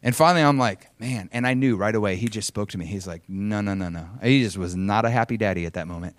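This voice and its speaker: A man preaching a sermon, telling a personal story with animated swings between loud emphasis and soft asides, often chuckling. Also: on the low side, fast talker, no room sound.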